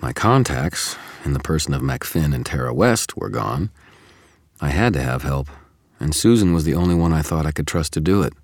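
A man with an extremely low, booming voice reads a first-person audiobook chapter. His delivery is measured and steady, recorded close and dry with no room sound. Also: dry recording. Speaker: audiobook narrator.

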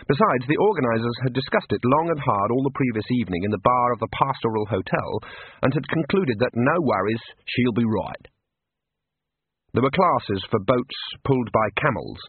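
Male narrator, lively intonation, husky, tinny phone-like dry sound. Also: mid-range voice, no echo. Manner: lively, expressive storytelling. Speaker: audiobook narrator. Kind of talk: scripted narration.

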